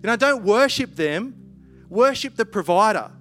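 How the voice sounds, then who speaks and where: A man preaching a conversational sermon, animated and playful, with lively asides. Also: high-pitched, normal speed, soft background music.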